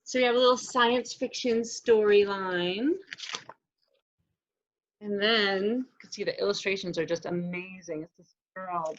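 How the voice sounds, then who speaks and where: A middle-aged woman, a librarian, chatting casually while unboxing books, friendly and quick to laugh. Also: medium pitch, fairly even intonation. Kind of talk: casual book unboxing chat. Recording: muffled lo-fi sound.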